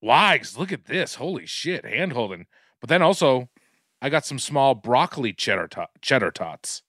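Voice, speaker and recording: A man's voice: mid-range voice, very animated, normal speed, sharp tone, dry recording, clean studio sound. A man co-hosting a podcast, telling rambling food stories in casual chat and swearing freely. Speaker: podcast co-host.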